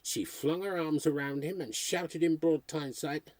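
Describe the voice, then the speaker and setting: A man with a husky voice reading a history book aloud, steadily working through dates and places. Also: medium pitch, moderate pace, hardly any pauses, darkish tone, dry recording. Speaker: reader.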